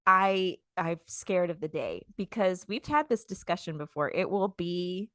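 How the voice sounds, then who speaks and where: A woman co-hosting a casual podcast, telling animated stories and acting out her own outbursts. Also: lowish voice, unhurried, dry recording, clean studio sound. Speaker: podcast co-host. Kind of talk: casual chat.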